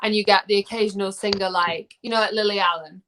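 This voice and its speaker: A woman's voice: mid-range voice, steady tone, fast talker, a bit bright, slight background noise. A young English woman, a singer, talking casually in a video chat, rambling with plenty of fillers and restarts. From England.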